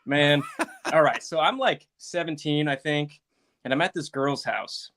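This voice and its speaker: A man's voice: fairly high pitch, measured pace, a bit bright. A man who is a podcast guest, telling a story in a laid-back, casual way with chuckles and fillers.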